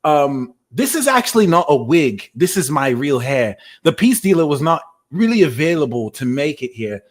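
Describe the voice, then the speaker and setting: A man puts on a British accent to play a cheeky, vain tarot reader, playful and teasing with moments of mock indignation during a live reading. His voice is fairly high-pitched and sing-song, at a normal speed.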